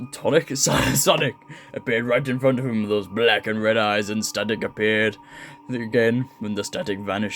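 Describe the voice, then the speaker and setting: A man's voice: lowish voice, a little hiss or hum. A young man reading a horror story aloud in a casual, jokey way, often stumbling over words and laughing at his own slips. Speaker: creepypasta reader.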